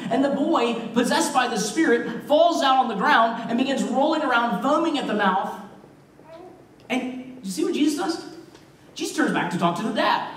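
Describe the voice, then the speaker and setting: A man preaching a sermon as pastor, retelling a story in an emphatic way with shifting loudness. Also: very high voice, slight background noise. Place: church sanctuary. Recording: echoey church hall, mic far off.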